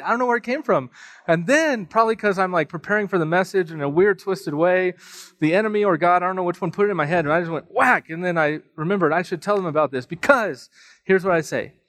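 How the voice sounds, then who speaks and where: A man pastor preaching a sermon, telling a personal story in a casual, joking, animated way full of asides. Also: high voice, no room sound, clean studio sound. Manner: conversational storytelling with self-deprecating humor; animated, with frequent fillers and asides.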